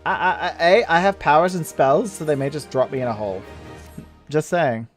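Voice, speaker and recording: A man hosting a gameplay video, talking casually as he plays. He rambles, gets excitable and laughs often, in a slightly high voice. Faint music plays in the background. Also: moderate pace.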